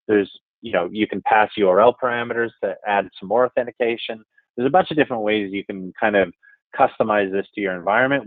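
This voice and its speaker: A man presenting a live software demo webinar, walking through code in a casual, upbeat, chatty way. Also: lowish voice, dry recording, phone-quality sound. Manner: casual, upbeat, chatty with frequent "all right" and "okay, cool".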